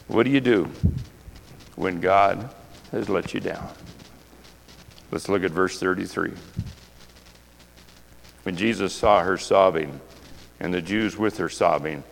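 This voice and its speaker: A man's voice: deep voice, slow, vocal fry, long pauses, slight background noise. A male pastor preaching a sermon with passion, throwing rhetorical questions at the congregation. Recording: long reverb of a large hall.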